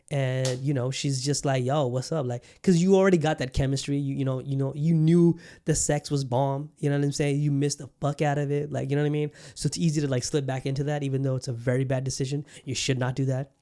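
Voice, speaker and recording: A man's voice: mid-range voice, dark tone. A man hosting a podcast alone, talking loosely with lots of fillers, swearing and restarts. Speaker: podcast host. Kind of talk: casual solo podcast monologue.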